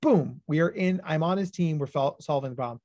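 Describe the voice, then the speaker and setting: High-energy male psychologist, dry sound. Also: brisk, dark tone, no echo. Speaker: clinical psychologist. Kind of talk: educational webinar presentation.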